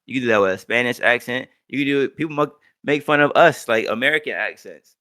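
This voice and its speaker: Bright-voiced young man, loose podcast banter. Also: medium pitch, fast talker. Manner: loose, profane, joking banter. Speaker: podcast co-host. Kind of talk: casual chat.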